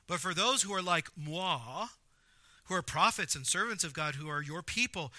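A man preaching a sermon, animated and acting out quotes with big swings in volume. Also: high voice, normal speed, dry recording. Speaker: pastor.

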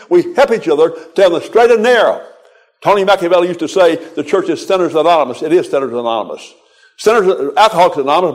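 An older man preaching a folksy, exhorting sermon, quoting scripture in a rhythmic cadence. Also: high voice.

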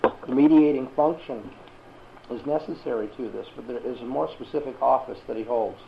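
A man's voice: medium pitch, normal speed, creaky, highs cut off, a little hiss or hum. A man teaching a Bible lesson to a class and asking them questions.

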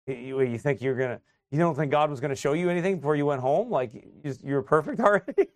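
A man's voice: a little high, expressive, fast talker, no echo. A middle-aged man preaching a sermon as a pastor, chatty and joking, then building to emphatic exhortation. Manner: conversational preaching, rising to emphatic exhortation, laughs often.

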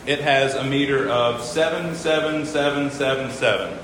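Bright-voiced man teaching in an echoey hall. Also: mid-range voice, moderate pace, a little hiss or hum. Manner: patient, stops to count syllables aloud and repeats himself. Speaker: teacher explaining hymn meters. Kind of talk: informal classroom lecture.

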